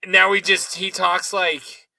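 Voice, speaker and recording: High, animated man with a bright voice. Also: takes it slowly, creaky, no echo, rough recording. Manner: animated, incredulous, swears freely. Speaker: podcast co-host. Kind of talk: casual chat.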